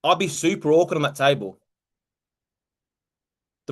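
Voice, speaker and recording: A man's voice: on the high side, expressive, moderate pace, pauses often. A man hosting a group call as a motivational coach, talking directly and emphatically and repeating key phrases.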